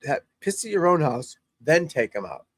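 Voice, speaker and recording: Very animated and fairly high-voiced, with a breathy edge, a middle-aged golf instructor who hosts a channel rambles about the golf on TV at a moderate pace. He's casual, blunt, and swears freely, and the recording is dry.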